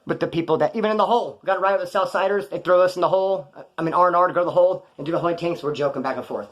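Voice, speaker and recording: Fast-talking profane man telling stories. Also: high voice. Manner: blunt, profane, slangy, acts out dialogue. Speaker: former prisoner telling stories. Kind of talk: casual storytelling.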